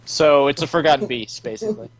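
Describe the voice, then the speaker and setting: A man's voice: on the high side, a bit bright. Joking gamer guy at the table. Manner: quick, joking, gamer slang. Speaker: player. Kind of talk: casual tabletop game chat.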